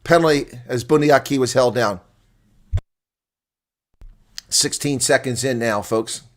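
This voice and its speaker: A man giving live reaction play-by-play commentary, excitable and opinionated, dropping to quiet asides and then rising to loud calls when the action starts. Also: medium pitch, a little slow. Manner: opinionated, argues with referee calls. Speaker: live watch-along commentator.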